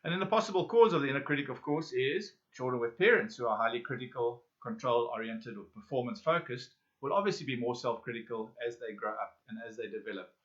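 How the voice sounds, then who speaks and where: A man leads a self-help lesson and keeps turning to his listeners with questions and pauses. His voice sits at a middle pitch. The recording is muffled and lo-fi. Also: a bit bright. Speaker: workshop facilitator. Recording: dull lo-fi audio.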